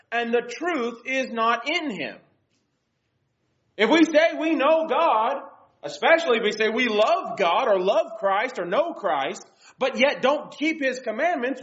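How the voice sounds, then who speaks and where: Woman, Bible teacher, earnest devotional lesson, animated pitch, dull lo-fi sound. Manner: earnest, reads scripture aloud. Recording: dull lo-fi recording.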